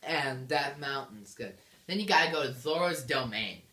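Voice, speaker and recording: Bubbly woman gushing through a game recap, low voice, echoey room. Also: expressive, normal speed, fairly bright tone. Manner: bubbly, gushing, jokey retelling. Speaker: game reviewer.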